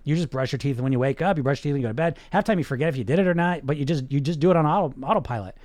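A man's voice: a little high, very fast, a little mellow, no echo, clean studio sound. A man, a hypnotist hosting a podcast, talking in an emphatic, blunt way with lots of rhetorical questions and the odd swear word. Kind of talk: motivational podcast monologue.

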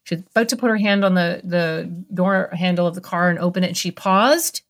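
A woman in her fifties with a lowish voice speaks fairly quickly as a guest expert on a podcast. In this interview, she tells a story from her career with earnest, heartfelt feeling.

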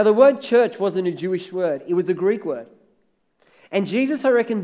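A man's voice: high voice, a little mellow. A man preaching a sermon as pastor, conversational, telling stories and building to emphatic peaks.

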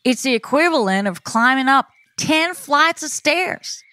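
A woman's voice: sits high, lively intonation, a little slow, sharp tone, dry recording. A woman playing an ornithologist guest, explaining facts in a friendly way on a kids' science show. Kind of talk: scripted educational dialogue.

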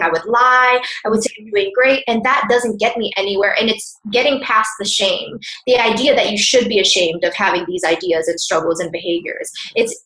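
A woman's voice: on the high side, a bit bright. Earnest woman guest in a roomy space. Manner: earnest and open, with frequent "like" fillers. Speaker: podcast guest. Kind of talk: candid conversational interview. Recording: roomy echo.

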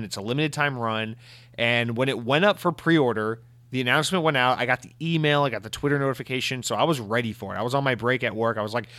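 Man, casual ranting host, profane, animated, mid pitch, dry close sound. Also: dry recording. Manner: animated, profane, exasperated ranting with mock voices. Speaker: show host answering listener mail.

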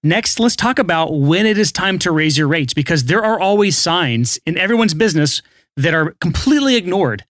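A man's voice: fairly high pitch, lively intonation, moderate pace, fairly bright tone, no echo, studio quality. A man co-hosting a podcast in casual chat, steering the conversation and setting up each topic. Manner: steers the talk, sets up topics. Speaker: podcast co-host.

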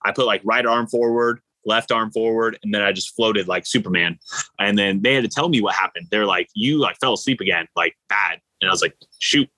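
A man, an endurance athlete, telling stories in a casual interview, animated and rambling with lots of fillers. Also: on the low side, a little fast, dry recording, poor audio. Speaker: ultra-endurance athlete guest.

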